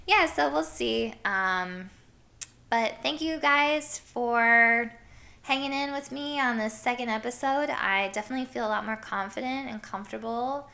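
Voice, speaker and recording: Woman, young adult, from Iowa, casual storytelling host, bright tense tone, filler-heavy chatter. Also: a little high, a little slow, gravelly. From Iowa, USA. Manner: chatty, peppered with "like" and swearing. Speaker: podcast host.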